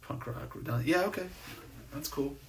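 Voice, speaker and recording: A man's voice: on the high side, moderate pace, fairly bright tone, distant mic, slight background noise. A man hosting a casual live stream, reading viewer comments and chatting in a rambling, laid-back way with lots of fillers and restarts. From New Jersey. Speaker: host. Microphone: phone or webcam on a live stream.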